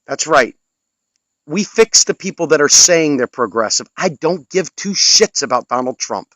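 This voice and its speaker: Man, heated political rant, sarcastic and scolding, slightly high voice, dry close sound. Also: lively intonation, moderate pace, a bit bright, no echo, low-quality recording. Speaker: political commentator.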